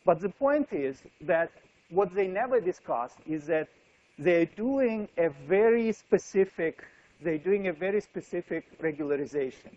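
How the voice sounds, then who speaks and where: A man's voice: sits high, lively intonation, a little slow. Man lecturing with many fillers, lo-fi. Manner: thinks aloud with frequent fillers and restarts. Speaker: physics lecturer. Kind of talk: university lecture.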